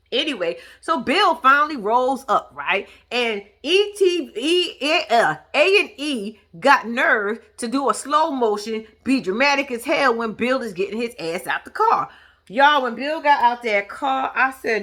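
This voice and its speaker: A reality TV recap vlogger with a voice on the high side talks at a moderate pace, casually recapping an episode. Her commentary is profane, sassy, and sarcastic, full of animated storytelling and teasing.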